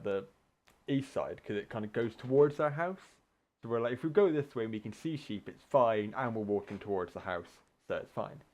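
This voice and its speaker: A man from the UK casually telling a long story, swearing often, laughing mid-sentence and acting out shouted quotes. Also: lowish voice, dull audio. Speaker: gaming podcast co-host telling a story.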